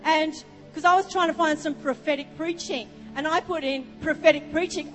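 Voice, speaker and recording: High-voiced Australian woman preaching. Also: fairly even intonation, a little fast. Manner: storytelling, rambling asides. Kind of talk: sermon. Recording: long reverb with music behind.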